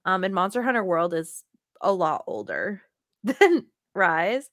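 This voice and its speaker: A woman's voice: fairly low pitch, sing-song, measured pace, a bit bright, dry recording, clean studio sound. A young woman co-hosting a podcast in casual chat, laughing often as she talks. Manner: giggly, laughs often while talking. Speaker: podcast co-host.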